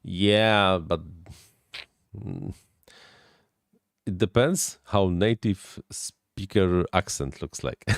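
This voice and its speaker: A man who is not a native English speaker, hosting a casual live stream and answering viewer questions with halting technical explanations. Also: sits low, vocal fry, no echo, studio quality.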